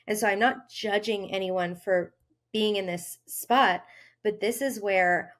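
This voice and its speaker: A woman hosting a health podcast, talking earnestly in a casual monologue and acting out inner voices with sudden lifts in pitch. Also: a little slow, fairly bright tone. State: briefly tearful. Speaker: health coach and podcast host.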